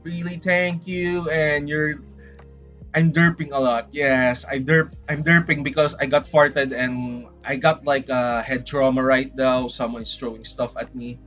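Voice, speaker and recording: A man from the Philippines chats on his livestream in Filipino-accented English, rambling dramatically and speaking right to his viewers. His medium-pitched, fairly bright voice stays steady and a little slow. Faint music sits behind the dull, lo-fi stream audio.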